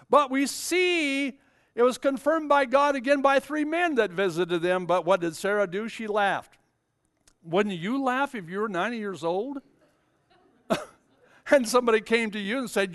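High, clear-voiced older preacher. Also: male voice, moderate pace, fairly bright tone. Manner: storytelling, rising to fervent emphasis. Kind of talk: sermon.

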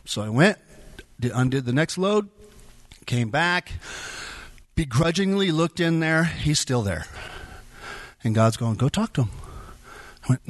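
A man's voice: medium pitch, expressive, moderate pace, no echo. A middle-aged man shares a testimony in a loose, conversational way, often restarting his sentences. He acts out his own side of an inner dialogue. The sound is dry and close, with no room around it. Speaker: speaker sharing a testimony. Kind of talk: personal faith story told to a group.

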